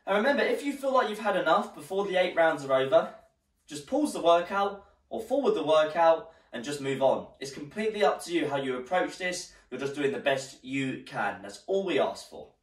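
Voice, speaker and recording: A man's voice: fairly high pitch, big pitch swings, brisk. A male fitness instructor leading a live workout class, slightly out of breath as he exercises and counts down the rounds. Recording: roomy echo, distant mic.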